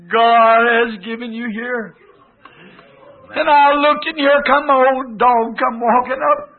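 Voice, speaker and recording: High-voiced preacher, tinny old tape. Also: male voice, fairly even intonation, a little slow. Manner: fervent, recounting a vision with quoted voices. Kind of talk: sermon.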